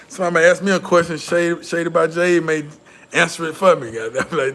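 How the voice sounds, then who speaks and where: A man's voice: fairly high pitch, brisk, a bit bright, a little hiss or hum. A man from the American South, hosting a casual livestream and talking loosely and profanely with his chat. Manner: loose, laid-back, profane, repeats and restarts. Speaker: livestream host reading viewer chat.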